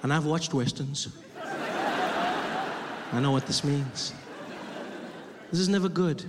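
A male stand-up comedian telling an animated story on a large theater stage, acting out both sides of it. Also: a little high, slow. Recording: reverberant live venue with audience noise.

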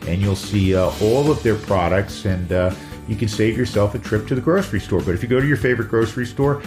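A man hosting his own podcast, reading ads and chatting in an energetic, emphatic way that repeats key phrases. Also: fairly low pitch, fast talker, echoey room, over music. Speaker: podcast host. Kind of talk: casual chat and live ad reads.

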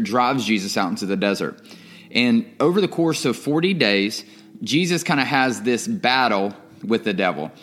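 A man's voice: medium pitch, fairly bright tone. A young man hosting a faith podcast, talking in an earnest, rambling way with frequent ums and repeated words. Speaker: podcast host. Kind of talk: casual faith podcast monologue.

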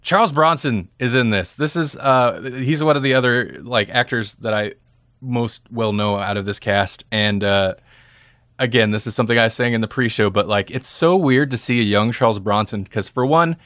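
A man's voice: mid-range voice, moderate pace, fairly bright tone, no echo, studio quality. A man hosting a podcast, chatting casually about movies in a rambling way and laughing easily. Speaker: podcast host. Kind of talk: casual movie-discussion chat.

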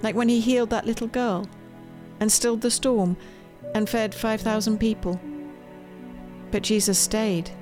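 A woman reading aloud from her own children's storybook, gentle and expressive. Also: on the high side, unhurried. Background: faint music.

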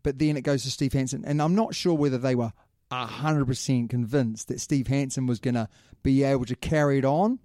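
A man co-hosting a casual sports podcast, talking fast and laughing often. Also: mid-range voice, dark tone, no echo, studio quality. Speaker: podcast co-host.

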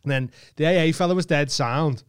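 A man from England co-hosts a podcast, sharing a lively anecdote in casual chat peppered with swearing and laughs. His voice is a little high and smooth, his pace a little fast. The recording is studio quality, with no room sound.

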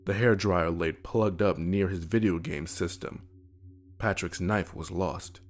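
A man narrating a scripted horror story in a measured, somber way. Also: deep voice, fairly even intonation.

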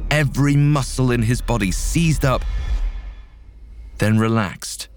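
A man narrating a scripted story in a measured, dramatic way. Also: medium pitch, faint music behind.

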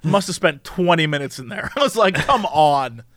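A man's voice: sits high, brisk, no echo, clean studio sound. A man telling a long story in casual chat, laughing often and acting out the people in it. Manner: animated, laughing often, mimics others in the story.

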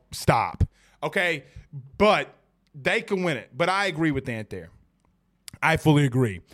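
A man hosting a sports podcast, talking casually and with animation, joking and addressing his listeners directly. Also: high voice. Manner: animated, jokey, talks straight to listeners.

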